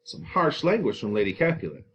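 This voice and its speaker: A man teaching, explaining a play to students in an animated way with exclamations. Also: mid-range voice, fairly quick, dull audio, slight background noise.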